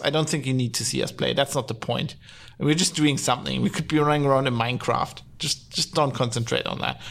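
A man's voice: medium pitch, creaky, fairly bright tone. A man hosting his own podcast, talking casually and sardonically, rambling with many fillers and restarts. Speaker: podcast host. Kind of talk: casual solo podcast talk. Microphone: podcast mic, streamed live.

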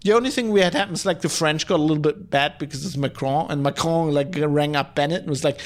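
Man, solo podcast host, fired up and cursing, voice sits a touch high. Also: fast talker, few pauses. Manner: heated, profane, repeats himself when worked up. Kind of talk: solo podcast commentary rant.

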